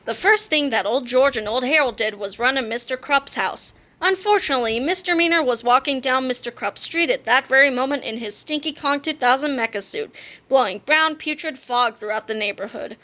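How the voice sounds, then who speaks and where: A woman narrating a children's book aloud in an expressive reading voice. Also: high-pitched, a little fast.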